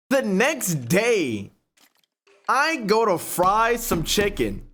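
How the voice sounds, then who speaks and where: A young man, casually telling a profane, animated story while playing a game. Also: slow pace. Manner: profane, animated storytelling, rising pitch when retelling outrage. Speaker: gaming YouTuber. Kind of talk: casual storytelling over gameplay.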